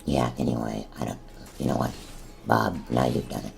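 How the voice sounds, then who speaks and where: Brief: man putting on a rumbling, ultra-deep gravelly grouch, snappish and easily riled, comedy banter. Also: moderate pace, heavily acted. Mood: irritated. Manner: grumbling, blustering, snappish. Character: hot-tempered gruff man, easily riled.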